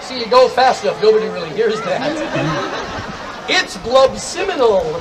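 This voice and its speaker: A man doing a stand-up comedy set on an outdoor festival stage, rattling off rapid tongue-twisting wordplay in a loud stage voice. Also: sits high, very animated, noisy background. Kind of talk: stand-up storytelling to a live crowd. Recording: crowd and loud festival background.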